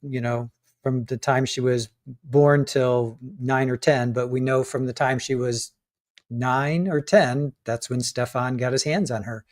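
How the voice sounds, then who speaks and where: A man's voice: mid-range voice, fairly even intonation, measured pace, darkish tone. A man co-hosting a live trial commentary stream, talking casually with many restarts and hesitations while reading out legal points.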